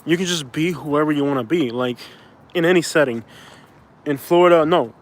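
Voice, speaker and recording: Rambling Cuban-born man with a higher voice. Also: normal speed. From Cuba. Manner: rambling, filler-heavy, reads out chat comments. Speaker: vlogger, live streamer. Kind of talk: casual live-stream talk. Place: outdoors, walking around a town.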